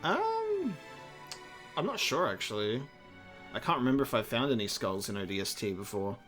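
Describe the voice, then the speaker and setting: A man's voice: medium pitch, huge pitch swings, normal speed, a bit bright, soft background music. A man with an Australian accent chatting casually while streaming a co-op game, laid-back and rambling with fillers. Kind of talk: casual co-op gaming chat.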